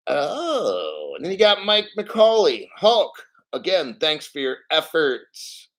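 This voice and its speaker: A man's voice: on the high side, wildly swooping pitch, takes it slowly, fairly bright tone. A man hosting a crypto livestream, chatting casually and rambling, swearing freely and greeting viewers by name. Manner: rambling, profane, reads chat names aloud. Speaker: crypto channel host.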